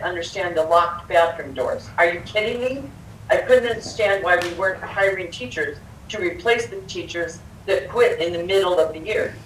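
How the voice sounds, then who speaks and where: A woman's voice: fairly low pitch, far from the mic, slight background noise. An older woman giving a public comment at a school board meeting, impassioned, blunt and confrontational. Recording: echoey hall, picked up from afar.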